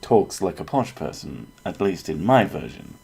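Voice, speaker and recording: A man's voice: low voice, big pitch swings, moderate pace, vocal fry, a little mellow, breathy edge. A man from England, joking and swearing in a casual chat as a streamer. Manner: joking, swears freely, slips into silly voices.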